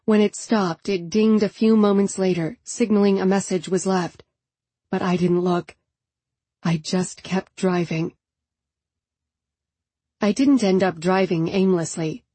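Husky-voiced woman narrating an audiobook. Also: mid-range voice, fairly even intonation, a little slow, long pauses, warm tone, no room sound. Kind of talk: first-person scripted narration.

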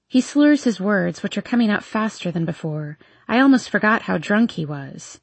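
Soft husky woman narrating. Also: medium pitch, lively intonation, moderate pace, few pauses, dry recording. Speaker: audiobook narrator. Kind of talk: first-person romance narration.

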